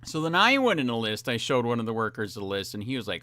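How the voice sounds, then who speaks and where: Profane ranting man, bright dry voice. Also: mid-range voice, sing-song, quick pace, no room sound. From Florida. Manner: profane, rambling, full of fillers, grows heated. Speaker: cop watch channel host. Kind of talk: angry ranting vlog.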